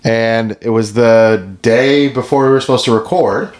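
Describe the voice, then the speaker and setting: A man's voice: mid-range voice, measured pace, darkish tone. A middle-aged man co-hosting a podcast in casual chat, jokey and teasing, fond of doing silly voices. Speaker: podcast co-host.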